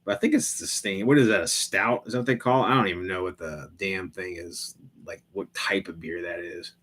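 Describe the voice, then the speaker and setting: A man's voice: sits low, lively intonation, fairly quick, fairly bright tone. A man hosting a live stream, chatting casually with viewers in a rambling, profane way full of fillers and restarts.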